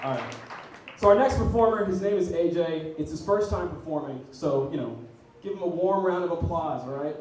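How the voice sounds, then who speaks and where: A man's voice: a little high, brisk, a little mellow, distant mic. A young man doing a stand-up comedy set and hosting, telling self-mocking stories and laughing at his own jokes. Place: student comedy night venue. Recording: very echoey room, mic heard from afar, faint noise.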